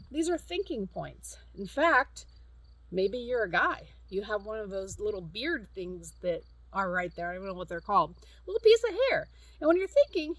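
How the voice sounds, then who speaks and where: Lively middle-aged woman teaching tapping outdoors. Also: a little high, dry recording, rough recording. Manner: chatty, repeats cue phrases, laughs easily. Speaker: counselor demonstrating tapping. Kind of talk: casual instructional demonstration. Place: outdoors at a farm.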